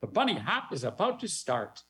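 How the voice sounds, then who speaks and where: A man's voice: fairly high pitch, huge pitch swings, normal speed. A man doing a chirpy little bunny. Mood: inviting. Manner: bright sing-song rhyming delivery. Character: cute, cheerful little bunny.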